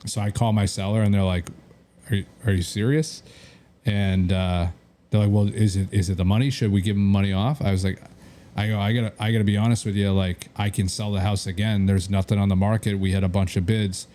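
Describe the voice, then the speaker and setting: A man's voice: fairly low pitch, fairly even intonation, a little fast, dark tone. A man co-hosting a casual podcast, telling a rambling deal story full of quoted back-and-forth dialogue and fillers. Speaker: real estate agent and podcast co-host.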